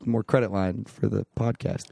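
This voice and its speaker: Deadpan bragging man, dry sound. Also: lowish voice, moderate pace, gravelly, no room sound. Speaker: podcast co-host. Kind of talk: comedic podcast banter.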